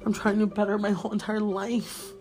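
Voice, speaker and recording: A woman's voice: mid-range voice, little pitch movement, fairly quick, darkish tone, soft background music. A young woman co-hosting a podcast, chatting casually and rambling with lots of fillers. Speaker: podcast co-host. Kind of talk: casual chat.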